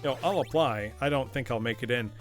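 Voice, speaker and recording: A man's voice: mid-range voice, quick pace, soft background music. A man streaming a retro game live, chatting playfully with his viewers and laughing often. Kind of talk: live gaming commentary.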